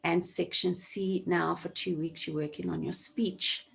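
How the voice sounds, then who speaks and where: A woman's voice: lowish voice, little pitch movement, measured pace, gravelly. A woman teaching an online class over a video call, explaining a task step by step and repeating key points for emphasis. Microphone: computer mic on video call.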